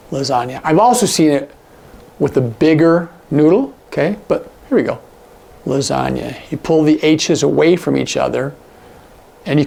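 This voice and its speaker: A man with a highish, gravelly voice teaches sign language in a casual, animated way. He acts out example lines with big jumps in his voice, like casual instructional talk.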